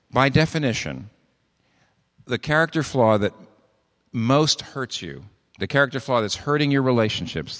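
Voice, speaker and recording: A man preaching a sermon, animated and full of rhetorical questions. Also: mid-range voice, big-room sound. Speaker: pastor.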